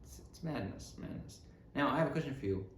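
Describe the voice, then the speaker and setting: A man rambles through a casual comedic monologue, sarcastic and full of self-interruptions. His voice sits in an ordinary middle pitch. The sound is roomy, with a faint noise floor. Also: expressive, fast. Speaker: podcast host.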